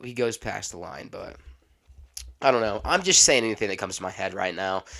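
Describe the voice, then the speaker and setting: A young man hosting a casual solo podcast, rambling off the cuff and stopping now and then to cough and clear his throat. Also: lowish voice, lively intonation, brisk, a bit bright. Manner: rambling, unscripted, self-interrupting. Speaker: podcast host.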